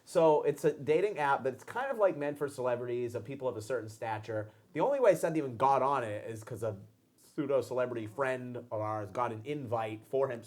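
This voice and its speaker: A man's voice: mid-range voice, animated, a little mellow. Teasing man in casual podcast chat. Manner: probing, teasing, fast banter. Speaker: podcast co-host.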